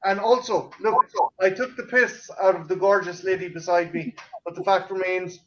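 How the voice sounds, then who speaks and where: An Irish man hosting a casual late-night chat stream, talking in a loud, profane and boisterous way. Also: sits high, fairly even intonation, normal speed, muffled recording, a little hiss or hum. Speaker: channel host.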